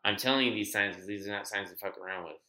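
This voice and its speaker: A man's voice: lowish voice, fast talker, pushed and bright, reverberant, low-quality recording. A man co-hosting a podcast, chatting casually and picking up his partner's lines in a laid-back way. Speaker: podcast co-host. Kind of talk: casual chat.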